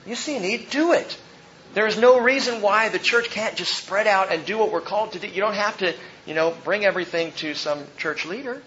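A man preaching a sermon as pastor, animated and joking, acting out the people in the story. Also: sits high, a little fast, muffled recording, a little hiss or hum.

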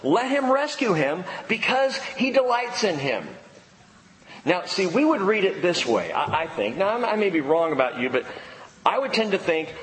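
A man preaching a sermon to a congregation, lively, stretching out key words for emphasis. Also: high-pitched, moderate pace, slight background noise. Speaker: pastor. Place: church sanctuary. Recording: long hall reverb, faint ambience.

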